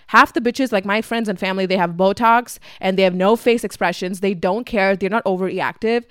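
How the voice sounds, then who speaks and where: A young woman whose first language is Tamil tells a story casually on her podcast. She swears freely and says "like" constantly. Her voice is smooth and crisp, recorded dry and close. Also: mid-range voice, steady tone, brisk, few pauses, dry recording. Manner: chatty and profane, heavy use of "like". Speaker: podcast host.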